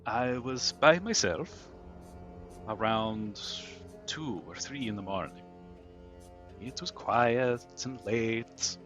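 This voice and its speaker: A man's voice: medium pitch, animated, takes it slowly, long pauses, fairly bright tone, dull audio, soft background music, voice pushed down. A man voicing a wary adult ship's night watchman who is easily put off and speaks in an odd put-on accent.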